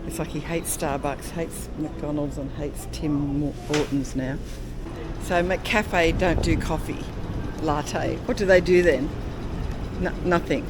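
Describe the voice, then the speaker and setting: A woman's voice: low voice, steady tone, slow. Chatty Australian woman vlogging outdoors. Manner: chatty, wry and blunt, swears casually. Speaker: travel vlogger. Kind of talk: casual travel vlog chat. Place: outdoors in a town, by motorbikes. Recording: outdoor recording with clear street noise.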